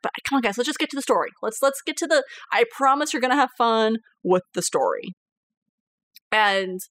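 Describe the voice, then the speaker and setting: A woman hosting a podcast as game master, chatting casually, animated, swearing freely and laughing often. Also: mid-range voice, no room sound.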